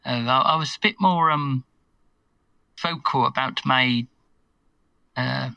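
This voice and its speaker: A man's voice: medium pitch, slow pace, creaky, sharp tone, no room sound, far from the mic, lo-fi sound. A man with an English accent, a guest in a casual online chat, hesitant and wordy. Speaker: guest scambaiter. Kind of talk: casual video-call chat.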